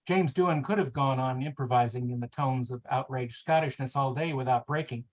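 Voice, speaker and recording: A man at an ordinary middle pitch, chatting on a podcast and reading a novel passage aloud. His narration is steady, while his asides are loose and full of fillers. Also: low-quality recording. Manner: reads narration steadily, chats with many fillers. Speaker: podcast host. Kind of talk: casual chat and reading aloud.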